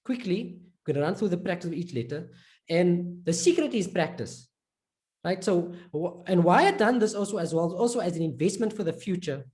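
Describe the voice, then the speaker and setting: A man teaching Arabic letter pronunciation in a recorded lesson, encouraging and repeating each word slowly for practice. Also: high voice, warm tone.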